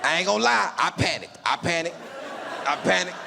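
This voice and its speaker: A man telling a stand-up story on a theater stage, with a voice that sits a little high and swings widely up and down as he acts out each person. The sound is a live recording with a long hall reverb and faint room noise behind him. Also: a little fast, gravelly, crowd noise. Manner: animated storytelling with voiced quotes. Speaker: stand-up comedian. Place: large theater stage before a live audience.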